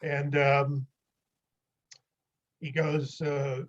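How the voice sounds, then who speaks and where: A man's voice: on the high side, steady tone, a little slow, dull audio. Older man rambling through old stories. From United States. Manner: rambling anecdotal storyteller with chuckles. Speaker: podcast guest. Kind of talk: casual storytelling interview.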